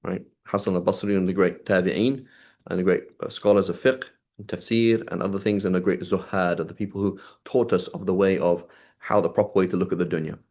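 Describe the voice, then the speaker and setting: A man's voice: low voice, steady tone, a little fast, a little mellow. A man teaching a religious class in a conversational way, often checking in with "right?" and explaining old texts in plain words. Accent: British English. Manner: conversational, asks "right?" often, reads Arabic then paraphrases. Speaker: Islamic studies teacher. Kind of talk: class lecture on a classical text.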